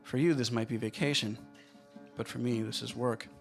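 A woman's voice: extremely low pitch, steady tone, normal speed, gravelly, soft background music. A man voicing a witty young woman photographer who teases playfully, in a storytelling performance. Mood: teasing. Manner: playful, teasing.

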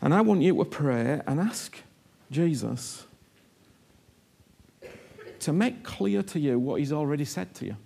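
A man preaching a sermon, his voice pitched high with a gravelly, husky edge. He leans hard on his points and repeats words as he goes. He acts out imagined speakers and sinks into a low, soft tone for prayer. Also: animated, unhurried, long pauses.

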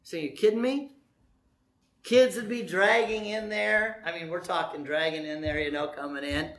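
Animated preacher in a roomy hall. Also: male voice, high-pitched, moderate pace. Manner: animated, jokey preaching with acted-out voices. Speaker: pastor. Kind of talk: sermon.

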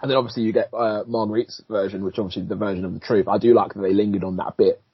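Man, film podcast co-host, low husky voice, dull lo-fi sound, loose chatty filler talk. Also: fairly even intonation, very fast, dry recording. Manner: loose, filler-heavy, reacts with short agreements. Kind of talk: casual film review chat.

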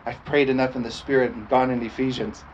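A man's voice: mid-range voice, steady tone, fast. A middle-aged man preaching a sermon, repeatedly asking his listeners for an "amen" and laughing often between points. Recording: dull lo-fi sound with faint noise.

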